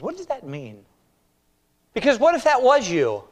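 A high-pitched male pastor preaches in a church, pressing his listeners with question after question. He rises to loud urging, then drops to a near hush. The sound rings with a long hall reverb. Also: huge pitch swings, unhurried. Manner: rhetorical questions, swings from loud urging to hushed. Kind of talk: sermon.

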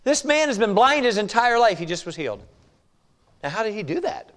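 A male pastor preaching a sermon, reading scripture slowly and pressing his point with rhetorical questions. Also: sits high, very animated, fairly bright tone. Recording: long reverb of a hall.

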